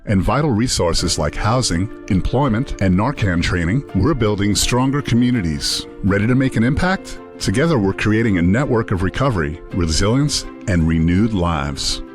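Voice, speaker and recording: A man giving a smooth, measured ad voice-over for a recovery center. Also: on the low side. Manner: smooth, measured promotional read.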